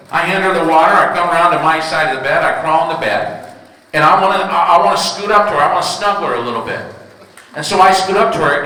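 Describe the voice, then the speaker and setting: 50s guy doing stand-up and crowd work, lively voice going all over, echoey far-off hall sound. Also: high-pitched. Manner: storytelling, crowd work with audience. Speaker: stand-up comedian. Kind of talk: stand-up comedy. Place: large hall with audience.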